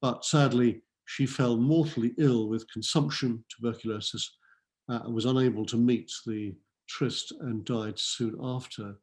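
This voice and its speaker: In a school event hall, a male literature lecturer gives a talk on French literature, reading French verse and translating it line by line. His mid-range voice is unhurried and a little mellow with fairly even intonation, though he lifts it on the verse.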